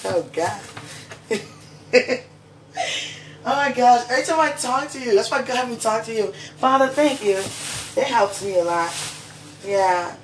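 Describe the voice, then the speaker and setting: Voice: medium pitch, measured pace, long pauses. A person chatting casually and affectionately at home in a kitchen, with frequent laughter and a playful, teasing manner. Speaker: person talking to a loved one. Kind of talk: casual one-sided chat. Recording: roomy sound from a distant mic with faint background noise.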